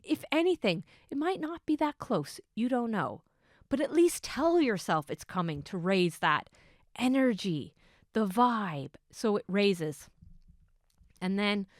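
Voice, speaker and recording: A middle-aged woman hosting her own podcast, telling a story in a casual, excitable way that swings between hushed asides and bursts of enthusiasm. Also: lowish voice, no echo, clean studio sound. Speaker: podcast host.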